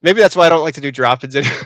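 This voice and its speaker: A young adult man co-hosting a podcast, telling stories in a casual, animated way and saying "dude" a lot. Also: on the high side, racing, no room sound. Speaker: podcast co-host. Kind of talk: casual chat.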